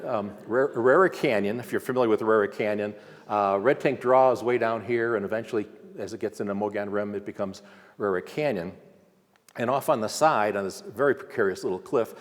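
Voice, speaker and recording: A man giving a conversational slide lecture at a symposium, pointing things out on screen with frequent fillers. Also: fairly low pitch. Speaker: archaeology lecturer. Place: lecture hall. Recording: long hall reverb.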